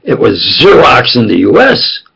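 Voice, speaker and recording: A man's voice: medium pitch, huge pitch swings, unhurried, creaky, a bit bright, slightly rough, poor audio. An older man telling rambling, jokey personal stories and often asking if you understand. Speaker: self-styled preacher.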